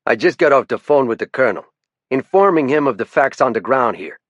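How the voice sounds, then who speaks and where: A man's voice: medium pitch, very animated, fairly quick, breathy edge, dry recording, lo-fi sound, pitched above the performer's own voice. A man voicing a theatrical, pompous game warden lieutenant with a sing-song francophone accent. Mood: commanding. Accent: francophone Maine French. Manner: sing-song lilt, speechifying.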